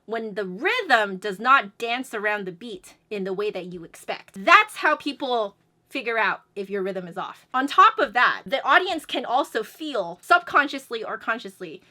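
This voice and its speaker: A woman teaching music in a chatty, energetic way, singing syllables to demonstrate beats. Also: on the high side, normal speed. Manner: explains then sings syllables to demonstrate beats. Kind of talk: instructional video lesson.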